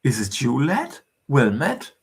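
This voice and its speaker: A man reading aloud the lines of a fashionable older gentleman who is hearty and impatient. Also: medium pitch, wildly swooping pitch, slow pace, creaky, slightly rough, exaggerated voice.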